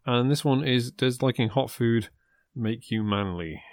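A man co-hosting a comic chat, playful and halting as he sets up scenes. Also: mid-range voice, no echo, studio quality. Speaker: podcast co-host.

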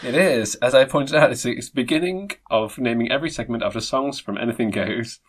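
Casting note: man, podcast co-host, husky timbre, playful teasing, laughs a lot. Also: medium pitch, fairly quick. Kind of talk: casual chat.

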